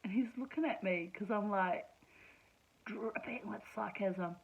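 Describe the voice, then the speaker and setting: A woman's voice: mid-range voice, a little slow, vocal fry, husky, muffled recording. Chatty woman telling a story, laughing. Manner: chatty, laughs often, sarcastic asides. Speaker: vlogger. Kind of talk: casual storytelling monologue.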